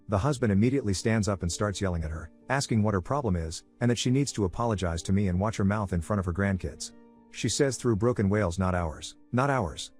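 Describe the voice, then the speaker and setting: A man reading a first-person story aloud as scripted narration at an even, quick clip. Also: on the low side. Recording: narration over faint background music.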